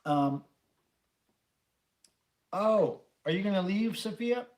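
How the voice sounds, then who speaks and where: A middle-aged man hosts an easygoing livestream, reading comments aloud and rambling with many fillers and a stray curse. His voice is high-pitched, expressive, slow, and somewhat dark.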